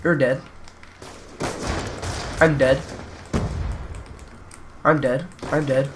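A man's voice: medium pitch, fairly even intonation, extremely slow, background noise. A man giving casual gameplay commentary who rambles between topics and grows frustrated, swearing at the game. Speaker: gaming channel host.

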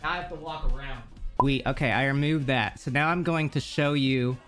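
A man streaming live from his home bedroom, chatting casually, excitable and swearing, quick to get frustrated. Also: medium pitch, soft background music. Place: home bedroom with a slanted wall. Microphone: streaming mic, moving off-camera at times.

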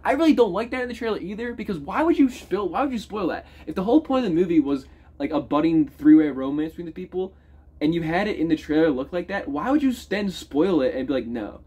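A man rants about a film in a loose, animated way, his fairly high voice jumping up and getting loud when he is worked up. He swears freely and talks like he is chatting to friends. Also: quick pace, breathy edge, dull audio. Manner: animated, swearing, big swings in pitch and loudness. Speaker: movie reviewer. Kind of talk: casual profane movie rant.

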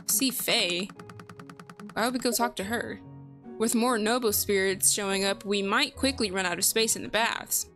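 A woman's voice: medium pitch, normal speed, a bit bright, faint music behind. A young woman giving casual let's play commentary, chatty and giggly, reacting aloud to the game.

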